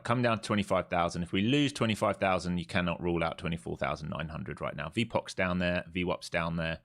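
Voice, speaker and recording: A man's voice: low-pitched, fairly bright tone. A man giving casual, blunt live trading commentary, thinking aloud, repeating key points and swearing freely. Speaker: live stream day trader.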